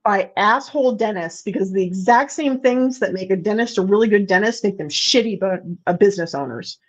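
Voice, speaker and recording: A woman's voice: medium pitch, brisk. Woman, host, casual chat, candid, swearing, many restarts, muffled lo-fi audio. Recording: dull lo-fi sound.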